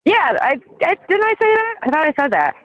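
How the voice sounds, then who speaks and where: A woman's voice: high-pitched, big pitch swings, fairly quick, dry recording. A woman giggling through a casual phone chat, poking fun at herself. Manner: giggly, self-deprecating. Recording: lo-fi phone recording.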